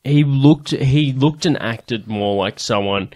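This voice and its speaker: A man's voice: mid-range voice, slow pace, darkish tone, no echo. A young man hosting a comedy podcast, telling school stories in a loose, casual way with plenty of swearing. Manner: swearing, loose, laid-back storytelling. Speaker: podcast host. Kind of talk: casual chat.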